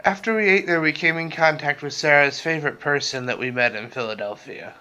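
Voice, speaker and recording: A man's voice: on the high side, a little fast, bright, forceful tone, clean tone. A young man co-hosting a casual vlog, chatting in a dry, teasing way. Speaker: vlog co-host. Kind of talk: casual chat.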